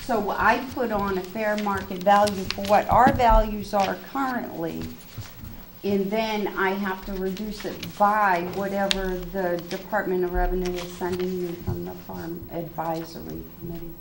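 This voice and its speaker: Woman, hoarse, town assessor, step-by-step explaining, town hall meeting room, faint background noise. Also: medium pitch, fairly even intonation, a little slow. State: hoarse, losing her voice.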